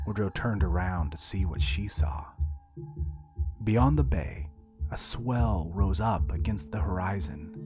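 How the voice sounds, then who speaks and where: A man narrating audio fiction in a hushed, breathy manner. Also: low voice.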